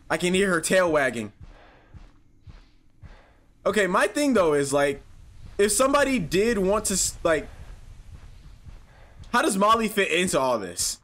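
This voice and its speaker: A man with a high, bright voice works through a horror game out loud. His pitch swings widely as he mutters to himself, curses, and breaks into startled yelps. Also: big pitch swings, measured pace, long pauses. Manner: jumpy, talks to himself, swears, yelps and shouts when startled. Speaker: gaming YouTuber.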